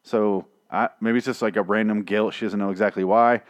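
A man's voice: on the low side, steady tone, brisk, dry recording, lo-fi sound. Man, casual reviewer, rambling and sarcastic, dry sound. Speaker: TV show reviewer. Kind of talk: casual recap rant.

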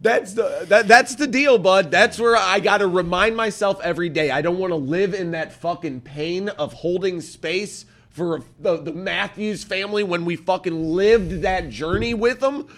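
A man co-hosting a podcast, fired up, backing his partner with loud agreement and swearing. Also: sits high, moderate pace, hardly any pauses. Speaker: podcast co-host. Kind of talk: casual profane chat.

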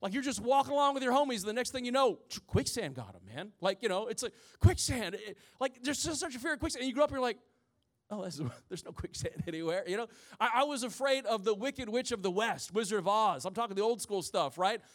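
A man's voice: very high voice, expressive, fast talker. A man in his forties, a pastor preaching a sermon to his congregation, telling stories with humorous asides. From rural Midwest of the US. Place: church before a congregation.

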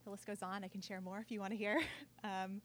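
A woman who leads prayer sharing a personal reflection at a church service, gentle and hesitant, with frequent ums. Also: mid-range voice, level tone, fairly quick, slight background noise. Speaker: prayer leader.

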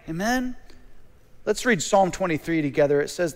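A man preaching a sermon as a pastor, animated, with repeated phrases and quick stammered restarts. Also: a little high. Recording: long reverb of a large hall.

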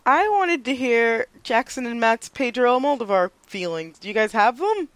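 A woman co-hosting a film podcast, enthusiastic and quick to laugh. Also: fairly high pitch, very animated, no echo. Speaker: podcast co-host. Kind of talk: casual podcast chat.

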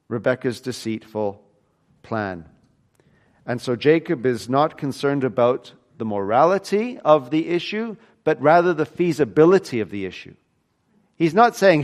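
A man preaching a sermon, reading scripture aloud and explaining it, swinging between loud emphatic stretches and quiet low passages. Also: sing-song, normal speed.

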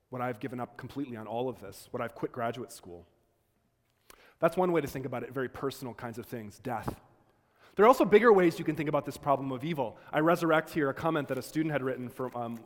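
A man lecturing to students, telling a personal story in an earnest, conversational way with frequent restarts. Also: medium pitch. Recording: long hall reverb.

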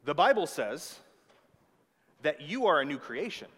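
A man's voice: on the high side, sing-song, measured pace, long pauses, a bit bright, slightly rough. A man preaching a sermon with emphatic delivery, often checking in with his listeners. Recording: long hall reverb.

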